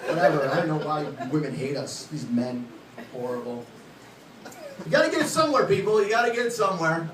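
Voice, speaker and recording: A man in his late thirties doing a stand-up comedy set on a club stage, joking bluntly and crudely at his own expense. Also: on the high side. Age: late 30s. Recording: echoey room, distant mic, loud background noise.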